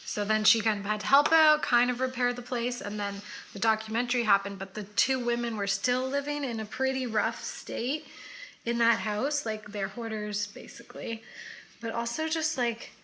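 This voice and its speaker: Bright-voiced woman chatting casually. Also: a little high, moderate pace, a little hiss or hum. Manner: chatty, easygoing, trailing off mid-thought. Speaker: co-host. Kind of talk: casual chat while doing makeup.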